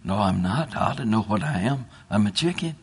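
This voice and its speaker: A man preaching, voicing a young duck raised among chickens, his voice climbing high and loud. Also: fairly quick, husky, full character voice. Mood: insistent. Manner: high excited shouting when taking flight. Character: young male duck raised by hens, eager.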